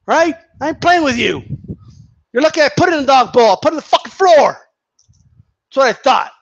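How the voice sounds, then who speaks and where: A man's voice: very high-pitched, sing-song, a little fast, creaky, highs cut off. A man ranting casually to his viewers, heated and profane, mocking people and repeating himself for emphasis. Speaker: boxing commentator vlogger.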